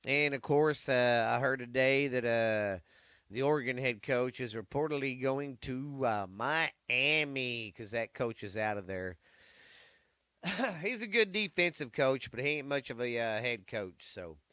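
Brief: rambling, swearing male sports host, bright crisp voice, dry sound. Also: medium pitch, expressive, unhurried, dry recording. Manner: rambling, profane. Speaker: podcast host. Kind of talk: casual sports chat.

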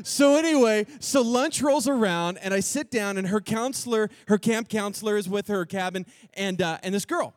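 High-voiced, animated male youth speaker. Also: dry recording. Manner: animated, quick, acts out quoted dialogue. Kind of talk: comedic storytelling to students.

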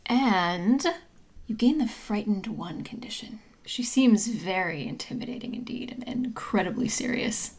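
A woman's voice: medium pitch, expressive, a little slow, darkish tone. A woman game master narrating a tabletop game in a casual, rambling way. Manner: casual, rambling, filler-heavy.

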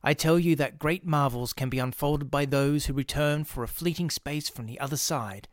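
A man reading the part of an obsessed male church organist, speaking in a hushed, urgent way that turns pettish. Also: a little high, normal speed, dry recording, clean studio sound, natural voice. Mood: awed hushed.

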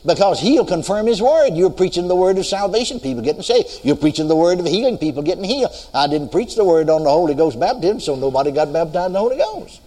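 A man's voice: sits high, lively intonation, quick pace, few pauses, mellow. An older man from the United States preaching a sermon, telling a story and asking the congregation if they are listening. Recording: long hall reverb.

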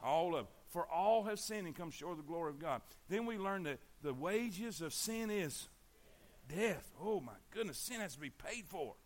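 A man's voice: sits high, expressive, moderate pace. A man preaching a sermon, emphatic, repeating himself and asking the congregation to answer back. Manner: emphatic, repeats words and asks the congregation for replies. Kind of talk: sermon on sharing the gospel.

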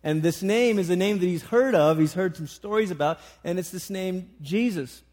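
A man's voice: sits high, moderate pace, a little mellow. A man preaching a sermon, retelling a story with frequent restarts.

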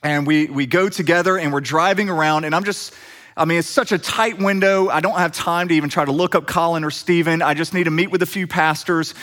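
A middle-aged man preaching, telling a personal story with lively acted-out dialogue. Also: a little high, brisk. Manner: animated storyteller acting out quoted dialogue. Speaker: pastor. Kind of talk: sermon storytelling.

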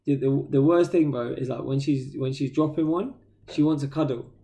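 A tired man tells stories on a podcast in slangy casual chat. His voice is dark and gravelly with creaky fry, and he drops into playful impressions of the people he quotes. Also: medium pitch, moderate pace. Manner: laid-back storyteller, slangy, acts out quotes. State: tired, yawning. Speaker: podcast co-host.

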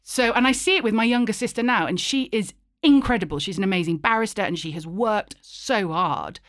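A woman's voice: medium pitch, a little fast, no room sound, studio quality. A woman, a guest in an interview, telling a story animatedly and acting out the voices. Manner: animated, acts out voices in anecdotes. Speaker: guest, actor and writer.

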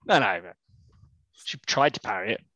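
A man playing a tabletop game over a voice call, excitable and jokey. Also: on the low side, a little hiss or hum. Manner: excitable, jokey, quick to laugh. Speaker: player. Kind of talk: casual tabletop game chat.

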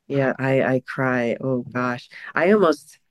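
A woman co-hosting a podcast in casual chat, emotional and quick to laugh as she tells stories. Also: very deep voice, no echo, clean studio sound. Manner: emotional, laughs often, animated storyteller. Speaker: podcast co-host.

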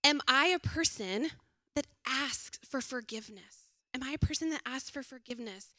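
A woman's voice: high voice, moderate pace, pushed and bright, no room sound. A woman in her thirties giving an earnest, conversational sermon to a church audience, often putting questions to her listeners. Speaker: speaker at a church talk.

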